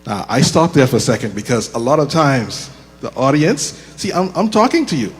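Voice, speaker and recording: A man teaching a leadership workshop into a handheld microphone, chatty and joking, slowing down to make his points. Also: mid-range voice, sing-song, breathy edge. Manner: conversational and joking, slows down deliberately. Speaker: leadership course instructor. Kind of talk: live workshop talk. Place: church room with audible echo. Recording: reverberant hall with mains hum.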